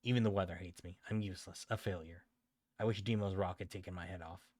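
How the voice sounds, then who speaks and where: A man voicing a withdrawn, hurt young girl who speaks in a quiet, despairing way, in his own low voice. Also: steady tone, fast talker, no room sound, studio quality.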